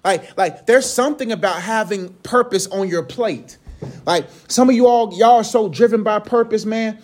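A man's voice: sits high, normal speed. A young man giving a casual, joking sermon in slangy, conversational speech. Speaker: preacher.

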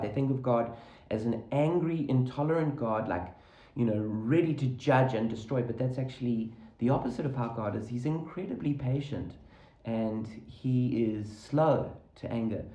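A man's voice: mid-range voice, animated, normal speed, dark tone, echoey room, poor audio. A man from Africa preaching a sermon, earnestly explaining scripture and Hebrew words.

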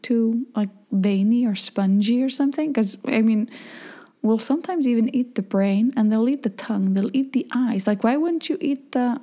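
Chatty Icelandic woman, mellow voice. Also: on the high side, normal speed. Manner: chatty, rambling, frank and jokey. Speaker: vlogger. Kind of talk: casual chat.

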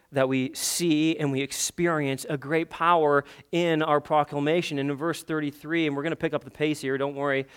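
Slightly high, with a clear and resonant tone, this man's voice carries a pastor's sermon. He pushes up to fervent, emphatic high points and throws rhetorical questions out to his congregation.

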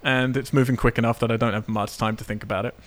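A man co-hosting a casual podcast chat, excitedly recapping a film and laughing often as he talks. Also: mid-range voice, quick pace.

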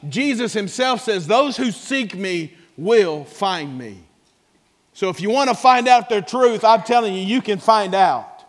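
A man preaching to his congregation in a notably high voice. He drops to soft asides, then climbs into shouted exclamations and calls for responses. The sound rings with a long reverb. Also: animated, a little slow. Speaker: pastor. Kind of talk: sermon.

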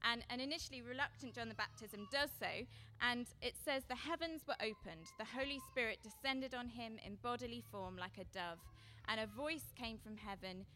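A woman giving an earnest sermon-style seminar talk, her voice going from quiet to loud. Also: fairly high pitch, normal speed. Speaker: seminar speaker.

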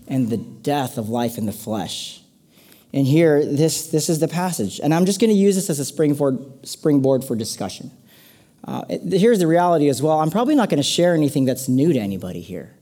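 A man's voice: a little high, dark tone. A man preaching a casual, conversational sermon to a congregation, with playful asides. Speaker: pastor.

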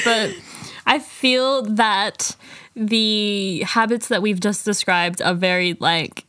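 A woman's voice: on the high side, slow, bright, forceful tone, dry recording. A young adult woman co-hosting a podcast in casual chat, rambling with many fillers and trailing off. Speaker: podcast co-host.

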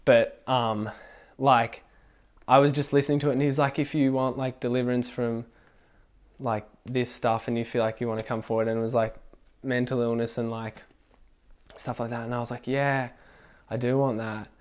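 A young man shares a personal faith testimony in a casual, rambling way, using plenty of filler words and laughing from time to time. His voice is medium-pitched and level, with a moderate pace.

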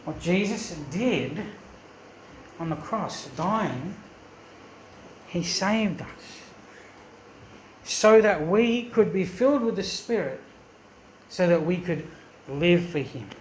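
A man's voice: high voice, animated, takes it slowly, long pauses, echoey room, a little hiss or hum. A man preaching a sermon as pastor, earnest and emphatic, often asking the congregation questions. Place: church.

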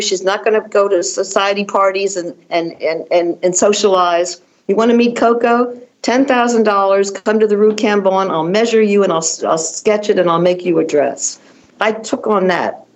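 This older woman talks in an animated, storytelling way, tumbling through her sentences and repeating herself as the story builds. Her pitch sits in the middle of the range for a woman. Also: rough recording. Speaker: fashion designer guest. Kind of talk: conversational storytelling.

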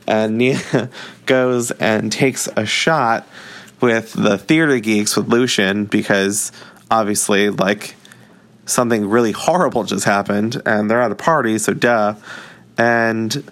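A man's voice: on the low side, a little slow, fairly bright tone. A man casually recapping a TV episode, talking loosely with lots of filler words. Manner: chatty, heavy use of "like". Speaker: show recap host.

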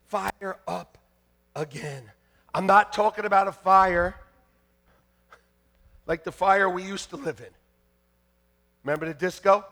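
A man preaching a fiery sermon to his church, shouting and joking by turns. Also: high voice, vocal fry. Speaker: pastor. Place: church sanctuary.

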